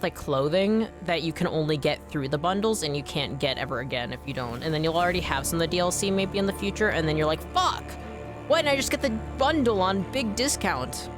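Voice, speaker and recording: A woman streamer chatting casually while playing a game, rambling with many fillers, swearing freely and breaking into sudden excited outbursts. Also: low-pitched, fast, hardly any pauses, music in the background. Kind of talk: casual live gameplay chat.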